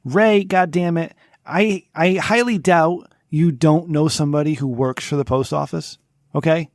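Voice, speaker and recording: A gravelly, slightly higher-pitched man scolds his co-host with mock-stern advice on a casual podcast. He keeps repeating his friend's name, and the sound is dry and close. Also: fairly even intonation, measured pace, no echo.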